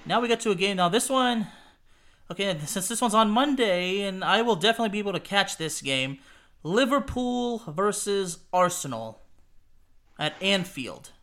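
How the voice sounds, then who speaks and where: A man's voice: high voice, animated, normal speed, fairly bright tone. A man co-hosting a casual football prediction chat, hesitant and repeating words, laughing often. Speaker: podcast co-host.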